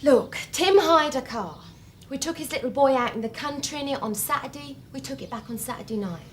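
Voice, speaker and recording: A woman's voice: sits high, fast, a little hiss or hum, natural voice. An actress playing a defensive young woman who answers the police curtly. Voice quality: defensive, curt.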